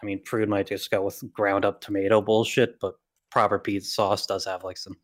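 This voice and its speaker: A young man with a faint Long Island accent talks in a casual podcast debate, low in pitch and blunt, with plenty of swearing. His voice sits close and dry, with no room around it. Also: level tone, fairly quick, no echo. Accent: slight Long Island. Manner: blunt, opinionated, swears freely. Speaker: podcast co-host.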